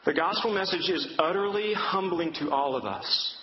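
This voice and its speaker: A man's voice: high voice, moderate pace, slight background noise. A man preaching a sermon, speaking earnestly and directly to his listeners with repeated reassurance, in a large hall. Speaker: campus minister preaching. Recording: echoey hall, dull sound.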